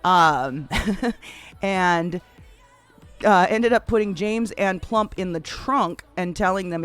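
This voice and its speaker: A woman's voice: lowish voice, takes it slowly, faint music behind. A woman live-streaming a roleplay game, laughing often and telling the story in a rambling, filler-heavy way. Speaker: streamer playing a roleplay character.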